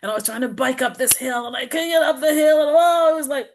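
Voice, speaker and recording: A woman's voice: sits high, fast, few pauses, slight background noise. A middle-aged woman, a healing practitioner, chatting as a podcast guest and acting out her own self-talk with lots of laughter. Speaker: guest, traditional Chinese medicine practitioner. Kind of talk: casual podcast conversation.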